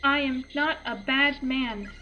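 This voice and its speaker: A woman voicing a haunted antique doll with a childlike, cold, remorseful manner, in a slow sing-song chant. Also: high-pitched, sharp tone, soft background music, voice pushed up, exaggerated voice, poor audio. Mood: eerie, sing-song.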